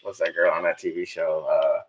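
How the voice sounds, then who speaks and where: A man's voice: rumbling low, fairly even intonation, a little fast, crowd noise. A man co-hosting a podcast, blunt and profane in casual chat. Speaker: podcast co-host.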